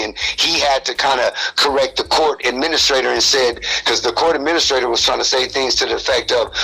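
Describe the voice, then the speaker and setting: A man's voice: medium pitch, fairly even intonation, fast, creaky, few pauses, pushed and bright, slightly rough. A man on a phone call, talking casually and emphatically and reading legal definitions aloud. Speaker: guest on call.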